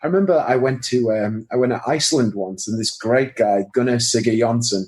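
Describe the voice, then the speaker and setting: British male guest, mid-pitch, dry self-mocking storyteller, easygoing podcast chat. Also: brisk, darkish tone. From Britain. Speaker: guest, magician.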